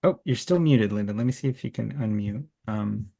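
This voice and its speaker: A man's voice: fairly low pitch, brisk, gravelly, mellow. A man hosting an online art workshop over a video call, giving enthusiastic, encouraging feedback. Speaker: workshop host.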